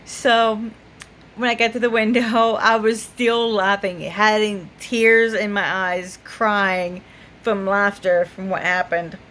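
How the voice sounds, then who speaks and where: An American woman vlogs casually to the camera, telling a story with frequent laughter and lots of fillers. Her mid-range voice is slow, flat in delivery, and a bit bright. A little hiss or hum can be heard.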